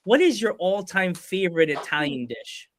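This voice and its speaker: A high-voiced man hosts a podcast in loose, casual chat. He rambles through half-started phrases and keeps cracking jokes. He laughs often and drops into playful quoted voices. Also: lively intonation, a little hiss or hum. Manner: rambling, fast restarts. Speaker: podcast host.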